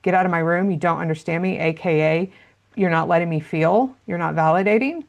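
A woman's voice: fairly low pitch, fairly quick, vocal fry, highs cut off. A woman answering interview questions as a parenting expert, explaining at length with frequent fillers.

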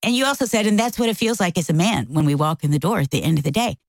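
This middle-aged talk show co-host fires off a story at a rapid pace, bringing quotes to life with big vocal jumps in an animated way. The low-quality recording has no echo.

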